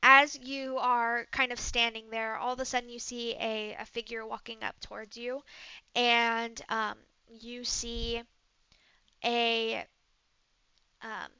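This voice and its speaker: A woman narrates a role-play game as its game master, loose and relaxed and full of ums. Her voice is bright and very clear. The recording is dry and slightly dull. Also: a little high, slow pace, no echo. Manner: relaxed, with many fillers.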